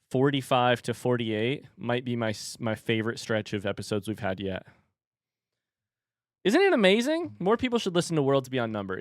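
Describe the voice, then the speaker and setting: A man's voice: mid-range voice, smooth, dry recording, clean studio sound. A man chatting casually on a livestream, rambling and reading viewer messages aloud.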